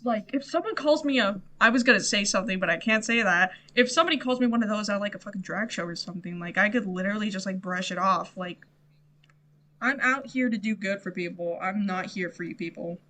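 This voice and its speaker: This is a young woman co-hosting a podcast in a loose, casual chat. Her voice sits at an ordinary pitch. She stops and starts, leans on fillers and swears freely. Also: sharp tone. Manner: halting, swearing, heavy on fillers. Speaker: podcast co-host.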